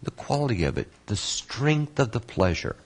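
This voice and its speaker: A man teaching an online course, patiently answering student questions and explaining terms slowly with repetition. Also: mid-range voice, very animated, husky. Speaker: Kabbalah course instructor.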